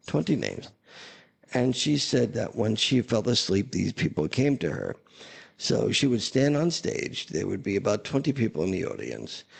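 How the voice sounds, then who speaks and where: A man's voice: low voice, creaky, slightly rough. A man hosting a casual chat, talking in a blunt, sarcastic, rambling way. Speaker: host.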